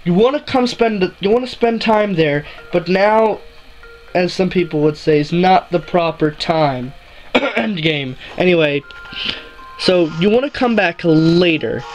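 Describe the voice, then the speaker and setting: A male let's play host talks through his game in a loose, rambling way, cracking small jokes and correcting himself mid-sentence. His voice sits a little higher than most men's, and quiet game music plays under him. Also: lively intonation, unhurried, low-quality recording. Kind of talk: casual gameplay commentary.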